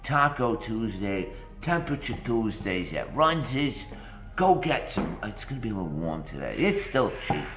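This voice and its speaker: A man's voice: fairly low pitch, very animated, unhurried, reverberant, music in the background. A man hosting a morning rant vlog, rambling and sarcastic, often repeating his phrases. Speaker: vlog host.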